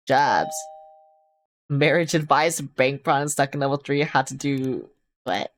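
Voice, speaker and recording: A woman's voice: very deep voice, takes it slowly, slight background noise. A woman streamer playing a game, making casual, joking remarks with swearing and laughing asides. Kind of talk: casual let's-play commentary.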